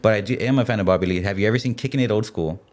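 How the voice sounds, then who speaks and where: A young man with a very low voice rattles along quickly in a loose, casual podcast chat. He rambles and leans on "like" as he talks about his music in a studio. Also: darkish tone. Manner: loose, rambling, heavy use of "like". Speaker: guest, rapper.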